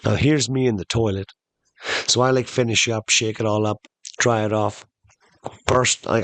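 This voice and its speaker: A man hosting a podcast, telling a funny story in an animated way and slowing down for emphasis. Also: lowish voice, dry recording. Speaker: podcast host. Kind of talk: comedic storytelling monologue.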